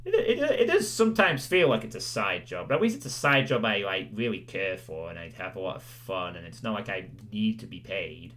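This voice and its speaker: Speaking briskly with few pauses, this streamer has a lowish, fairly bright voice with big pitch swings. He talks casually with his audience, rambling on, putting himself down, and filling gaps with plenty of "you know"s.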